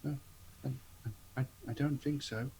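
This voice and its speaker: A man's voice: medium pitch, fairly even intonation, measured pace, warm tone, husky. A man taking part as a player in a tabletop role-playing game, speaking casually and a little hesitantly. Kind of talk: casual chat.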